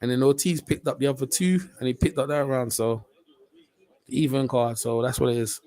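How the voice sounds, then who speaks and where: A man's voice: medium pitch, normal speed. A man giving casual, slang-heavy live commentary on a boxing match as a stream host. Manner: slangy, chatty, rising to excited shouts on big punches.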